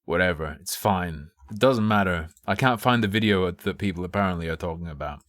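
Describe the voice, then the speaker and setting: A man's voice: deep voice, brisk, fairly bright tone, dry recording. A man streaming live, chatting casually and thinking aloud in a rambling, profane way. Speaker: livestreamer.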